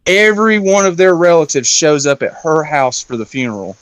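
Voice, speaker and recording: Chatty man retelling a film, higher voice. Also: sing-song, normal speed, fairly bright tone, smooth, dry recording. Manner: loose and chatty, with frequent fillers and swearing. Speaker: round-table discussion guest. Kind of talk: casual chat, retelling a film plot.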